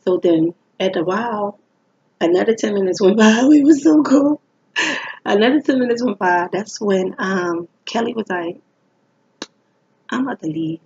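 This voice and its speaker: Young woman, raspy, animated storyteller who voices the people in her story; muffled lo-fi sound. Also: moderate pace, long pauses. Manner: animated, acts out quoted people in a higher voice. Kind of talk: casual personal storytelling. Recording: dull lo-fi recording.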